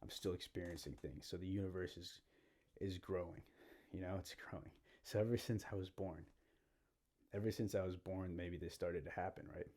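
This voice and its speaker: A young man hosting his own podcast, rambling in a halting monologue and often repeating himself. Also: low-pitched, fairly even intonation, warm tone. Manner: meandering, halting, repeats himself, frequent "you know" and "like". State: out of breath. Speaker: podcast host.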